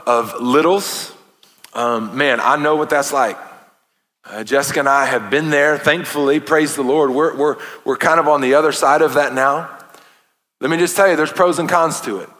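A pastor in his thirties with a mid-range, fairly bright voice preaches an earnest, impassioned sermon in a church sanctuary, breaking into playful asides. The large hall gives a long reverb.

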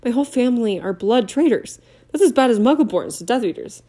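A woman reading an audiobook, voicing a blunt, excitable teenage boy wizard. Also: a little high, fairly quick, pitched above the performer's own voice. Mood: indignant. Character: indignant teenage boy wizard, loyal friend.

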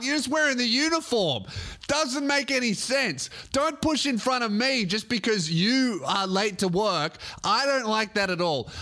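High, bright-voiced Australian comedian ranting. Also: male voice. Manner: profane, indignant, mock-outraged. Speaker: podcast host. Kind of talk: comedic rant and storytelling.

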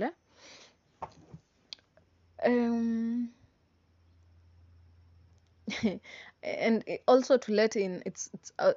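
This vlogger's mid-range voice is a little mellow, recorded dry with no room sound and slightly dull. She's a Kenyan woman in her twenties giving a casual, emphatic, repetitive motivational monologue full of slang and tag questions.

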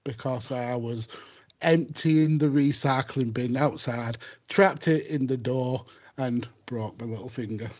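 A man's voice: mid-range voice, a little slow, a little mellow. A man hosting a casual comedy podcast, with dry, teasing humour. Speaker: host. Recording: dull lo-fi sound.

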